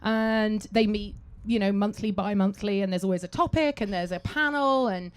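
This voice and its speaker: A woman's voice: mid-range voice, normal speed, a crowd in the background. A woman telling a blunt, swearing, self-mocking story to a live audience, acting out her own thoughts. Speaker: panel speaker at a live event.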